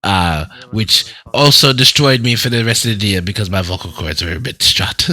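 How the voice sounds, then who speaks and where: A man's voice: fairly low pitch, normal speed, pushed and bright, dry recording. A man with a Jamaican accent chatting in character, playful and hesitant, breaking into snatches of old folk songs. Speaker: role-play player. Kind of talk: in-character casual chat.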